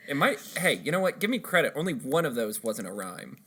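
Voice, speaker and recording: A man's voice: mid-range voice, very animated, a little fast, a bit bright, husky. A man co-hosting a casual podcast, playful and jokey, chatting loosely with his co-host. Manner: playful, jokey, does silly character voices.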